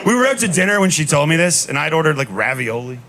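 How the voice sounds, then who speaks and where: A man in his thirties doing a stand-up comedy set on a club stage, telling stories in a deadpan way with punchy asides. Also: a little high, fast, crowd noise. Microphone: handheld stage mic. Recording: live club recording with noise. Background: audience laughter.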